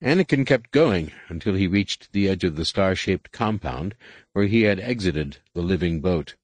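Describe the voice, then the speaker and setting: A man narrating an audiobook in steady, measured scripted narration. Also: sits low, no echo.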